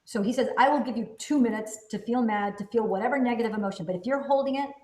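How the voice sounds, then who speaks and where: A woman's voice: on the high side, fast, darkish tone. A woman hosting a casual teaching conversation, speaking emphatically and firing off rhetorical questions that she answers herself. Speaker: host reviewing a self-help book. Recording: roomy echo.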